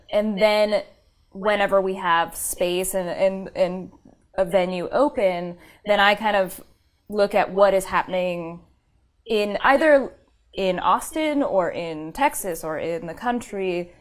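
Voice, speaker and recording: Thoughtful woman theater director, easy laugh. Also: mid-range voice. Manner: thoughtful, laughs easily, fillers. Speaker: theater company founder and director. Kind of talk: casual interview answers.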